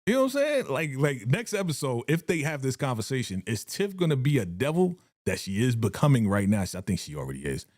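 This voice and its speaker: Man, live TV reaction host, casual slangy chat, very lively pitch, dry close sound. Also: brisk, hardly any pauses, no echo. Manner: animated and slangy, laughs often. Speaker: TV show reaction livestream host.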